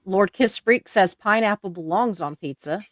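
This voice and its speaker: A woman's voice: mid-range voice, normal speed, no room sound, studio quality. A woman with a Southern accent hosting a casual livestream, chatting and reading viewer comments aloud with frequent laughter. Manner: giggly, chatty, laughs often. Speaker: livestream host.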